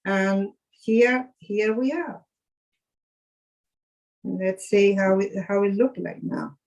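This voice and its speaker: A woman chef leading a live cooking demonstration, speaking haltingly with fillers and restarts, an English speaker. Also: mid-range voice, gravelly, a little mellow, poor audio.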